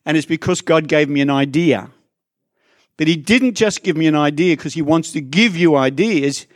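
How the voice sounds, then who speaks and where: Preaching in church, a male pastor speaks at normal speed in a slightly high voice that comes across dry and close to the mic, with no echo. His tone is conversational, and he makes asides to people sitting in the pews.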